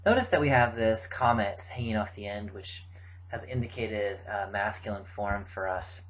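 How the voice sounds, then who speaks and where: A middle-aged man giving a recorded grammar lecture, explaining forms in a measured way with frequent fillers. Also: lowish voice, a bit bright, slight background noise, poor audio. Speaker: Biblical Hebrew teacher.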